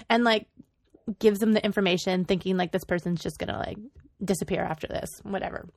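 Gravelly woman, chatty podcast co-host. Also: mid-range voice, fairly even intonation, fast talker, darkish tone, no room sound, studio quality. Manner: chatty, filler-heavy storyteller. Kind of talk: casual podcast chat.

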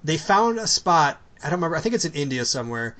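A man co-hosting a casual podcast chat, excitable and swearing casually, laughing often. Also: fairly high pitch, fast. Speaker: podcast co-host.

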